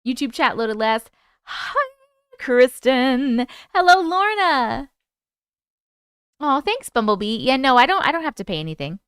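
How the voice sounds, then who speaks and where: A woman's voice: a little high, very animated, fast, hardly any pauses, fairly bright tone, clean tone, dry recording, studio quality. A woman with a New York accent hosting a live stream, greeting chatters by name in a chatty, playful way. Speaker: livestream host. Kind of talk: casual live-stream chat.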